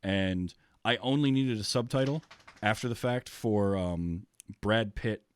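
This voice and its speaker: A man's voice: on the low side, a little slow, smooth. A man from the United States hosting a podcast, chatting casually and rambling with many ums. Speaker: podcast host. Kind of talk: casual chat.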